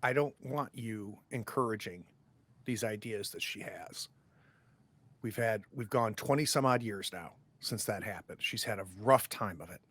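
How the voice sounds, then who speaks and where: A man's voice: fairly low pitch, measured pace, a bit bright, slightly rough. A man doing a stern protective ex-cop father. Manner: stern, dismissive, sarcastic.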